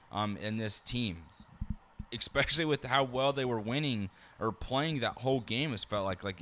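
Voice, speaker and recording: Guy rattling off football picks super fast, bright forceful voice, jokey ribbing. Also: medium pitch. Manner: fast-talking, teasing banter. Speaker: podcast co-host making game picks. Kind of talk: casual sports-betting chat.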